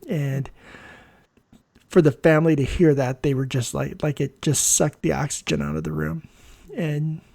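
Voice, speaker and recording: A man with a slightly higher voice and a gravelly, creaky edge, speaking close to a dry mic with no room sound. He hosts a podcast interview and tells hospital stories in an animated way, voicing the people in them. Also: normal speed, dry recording. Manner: animated storyteller, quotes people in dialogue. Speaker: podcast host, ER nurse. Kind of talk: conversational interview storytelling.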